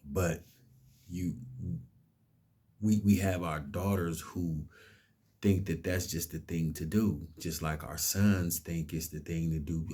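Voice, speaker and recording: Guy ranting on his vlog, deep mellow voice, emphatic and preachy. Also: fairly even intonation, takes it slowly, husky. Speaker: vlogger. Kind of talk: impassioned monologue.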